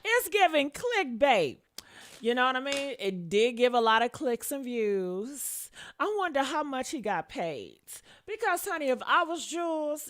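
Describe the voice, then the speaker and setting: A sassy woman hosting a celebrity gossip vlog, her voice sitting a little high and swinging widely as she talks. She is blunt, swears freely and keeps calling her listeners honey while reading out comments. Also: a bit bright. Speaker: host of a gossip commentary show. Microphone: camera mic with headphones on.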